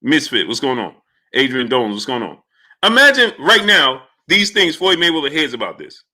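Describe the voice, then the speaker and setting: Speaking at an ordinary speed in a medium-pitched voice, this man hosts a live stream. He's animated and heated, ranting while calling out chatters by name.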